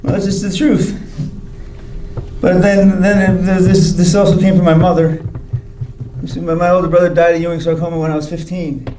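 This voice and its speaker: A man's voice: high-pitched, flat delivery, moderate pace, dark tone, echoey room, slight background noise, rough recording. A man giving a hospital grand rounds talk, telling his own story candidly and wryly, acting out the people he quotes. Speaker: physician speaker. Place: hospital lecture hall.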